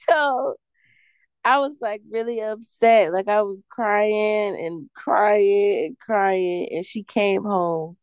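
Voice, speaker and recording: A woman's voice: medium pitch, slow pace, no room sound. A young woman, telling a personal story in casual podcast chat, full of "like" and restarts. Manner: rambling storytelling with many likes.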